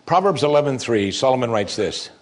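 A man's voice: mid-range voice, animated, a little fast. A man preaching a sermon, reading scripture aloud and commenting on it with rising emphasis. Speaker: pastor.

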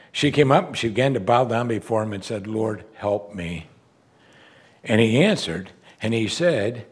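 A man preaching a sermon as pastor, swinging between loud exclamations and hushed asides. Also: on the low side, vocal fry, slightly rough.

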